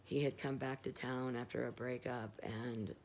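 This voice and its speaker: A woman's voice: rumbling low, steady tone, normal speed, gravelly, darkish tone, a little hiss or hum. A middle-aged woman talking candidly and rambling in a confessional vlog, swearing freely while stoned. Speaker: vlogger.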